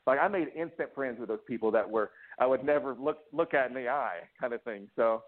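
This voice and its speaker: An interview guest with a medium-pitched voice talks a little fast as he shares a candid personal story over phone-quality sound. Emotional and restless, he keeps restarting and acts out the quotes along the way.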